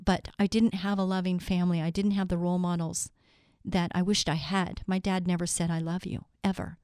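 Earnest middle-aged woman, smooth voice. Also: fairly low pitch, little pitch movement, fairly quick, a little mellow, no room sound, clean studio sound. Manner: earnest and heartfelt, addresses listeners directly. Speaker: Christian speaker. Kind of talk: devotional talk with scripture readings.

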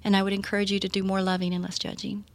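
A woman's voice: medium pitch, monotone, rapid-fire. A middle-aged woman hosting a faith-based radio talk show, earnest and encouraging, laughing often.

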